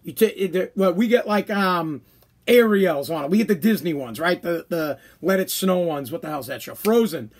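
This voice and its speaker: Animated man ranting about food. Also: high voice, normal speed, slightly rough. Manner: animated, emphatic, slangy. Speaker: podcast host. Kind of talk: casual rant to a live stream audience.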